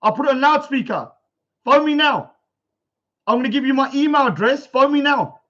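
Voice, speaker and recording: A high-voiced man rants on a livestream, loud and confrontational, hammering the same phrases again and again. The sound is dull and lo-fi, as from a basic home setup indoors. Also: moderate pace. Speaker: livestream host. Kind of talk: ranting livestream chat. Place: indoors at a bungalow.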